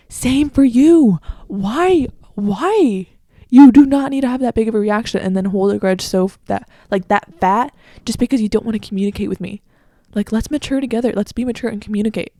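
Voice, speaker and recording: A woman's voice: medium pitch, a little mellow, no echo. A young woman hosting her own podcast, chatting casually and with strong opinions, full of "like" fillers, into a microphone. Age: young adult. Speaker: podcast host. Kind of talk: casual solo podcast chat.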